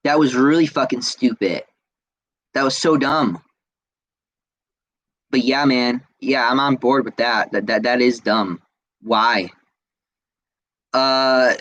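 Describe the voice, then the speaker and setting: A man's voice: a little high, takes it slowly, pauses often, fairly bright tone, poor audio. A man hosting a casual podcast, ranting heatedly with lots of swearing and stammered repeats as he reacts to viewer comments. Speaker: podcast host.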